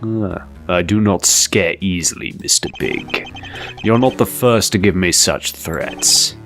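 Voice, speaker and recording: A man doing a low, haughty prosecutor. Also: slow pace, a bit bright, soft background music, heavily acted. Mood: stern. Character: stern, haughty male prosecutor, adult. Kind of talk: let's play voice acting.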